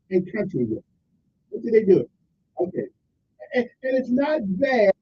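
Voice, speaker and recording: A high, gravelly male radio host ranting with indignant emphasis, his voice swinging wildly up and down. He sounds husky, and the lo-fi stream makes him dull and muffled. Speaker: radio call-in show host. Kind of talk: opinionated talk radio commentary.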